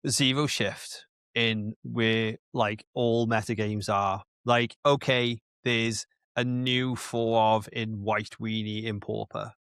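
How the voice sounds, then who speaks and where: A man's voice: fairly low pitch, flat delivery, slow, hardly any pauses, a bit bright, clean tone, dry recording. A man co-hosting a casual podcast, rambling, with lots of restarts. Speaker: podcast co-host.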